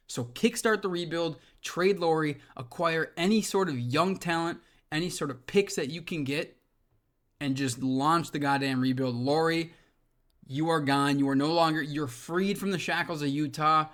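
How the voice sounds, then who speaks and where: A young man from Minnesota ranting about basketball trades in a loose, profane, excitable way. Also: a little high, moderate pace. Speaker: sports commentator. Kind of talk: casual opinion rant.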